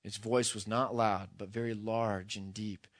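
A man's voice: fairly low pitch, level tone, unhurried, no room sound, clean studio sound. A man reading a storybook passage aloud, then speaking earnestly and reflectively in a sermon.

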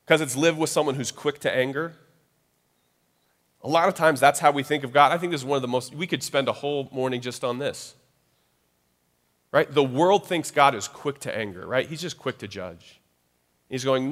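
A man's voice: mid-range voice, moderate pace, fairly bright tone. A man preaching a sermon in a loose, conversational way. He acts out quoted voices and keeps checking in with "right?". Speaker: pastor. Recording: long hall reverb.

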